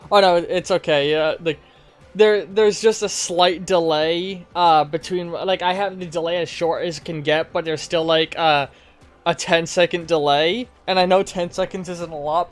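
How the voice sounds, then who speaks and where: A male streamer rambles casually through his game, talking to chat with loose, informal asides and the odd curse. His voice is a little higher than most men's, with faint music underneath. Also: steady tone, normal speed.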